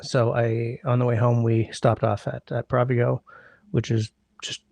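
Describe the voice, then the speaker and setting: A man's voice: medium pitch, little pitch movement, measured pace, creaky, a little mellow, no echo. A man hosting a casual livestream from home, rambling, greeting viewers by name and humming while he scrolls, his sinuses congested. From Canada. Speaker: livestream host. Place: indoors at home.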